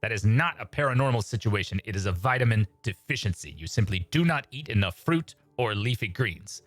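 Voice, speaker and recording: A man voicing a late-night paranormal radio host in a smooth public-radio narrator manner. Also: on the low side, animated, brisk, fairly bright tone, no room sound. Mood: exasperated.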